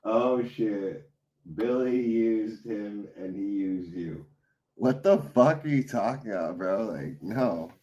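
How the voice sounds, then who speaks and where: A tired man talks to his livestream chat in a loose, rambling way, full of swearing and side stories. His voice sits a little low, and his stories run on and on. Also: expressive, slow, warm tone, lo-fi sound. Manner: profane, loose, rambling storytelling.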